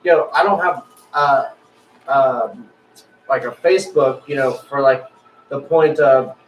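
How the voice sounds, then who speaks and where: A man co-hosting a podcast in casual chat, animated and acting out quoted voices. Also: medium pitch, takes it slowly, highs cut off. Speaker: podcast co-host. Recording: echoey room, distant mic, faint noise.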